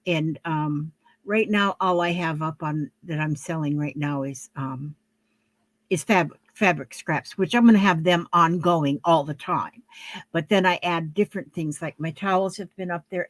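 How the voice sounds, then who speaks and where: Older woman, casual craft vlog, rambling and homey, lowish voice, dry close sound. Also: no room sound. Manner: rambling, homey, with fillers and self-corrections. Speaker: crafter showing her cork crafts. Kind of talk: casual chat to camera. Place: her craft area at home, indoors.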